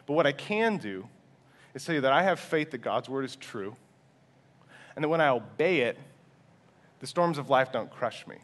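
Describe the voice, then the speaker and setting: A man's voice: medium pitch, lively intonation, moderate pace, long pauses, fairly bright tone. Earnest young male preacher. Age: 20s. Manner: humble, earnest, with frequent restarts and fillers. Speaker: pastor. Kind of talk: sermon. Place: church.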